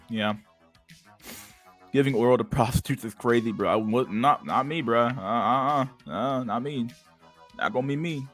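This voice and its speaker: A young man hosting a livestream, ranting casually with heavy swearing and loud bursts of laughter. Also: medium pitch. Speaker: livestream host.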